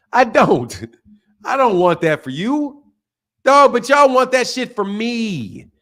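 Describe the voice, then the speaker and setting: A high-pitched man hosting a boxing talk show, ranting in a loose, heated way. He repeats himself, swears freely and jabs at his viewers with blunt scorn. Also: expressive, slow, a bit bright. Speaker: boxing channel host. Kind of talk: heated casual boxing commentary.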